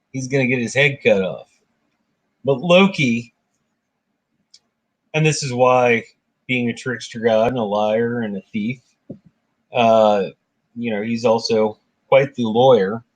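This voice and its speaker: A man's voice: mid-range voice, slow, long pauses. A man hosting a casual book discussion, retelling myths in his own words. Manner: animated retelling, voicing characters briefly.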